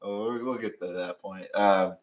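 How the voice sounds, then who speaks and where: A man co-hosting a casual TV recap show, talking in an animated way with lots of fillers and laughs. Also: low voice, moderate pace. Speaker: co-host.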